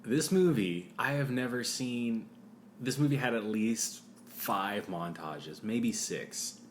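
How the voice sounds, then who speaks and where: A man co-hosting a casual podcast, recapping a movie plot and briefly doing quick offhand voices for its characters. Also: on the low side, lively intonation, slight background noise. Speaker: podcast co-host.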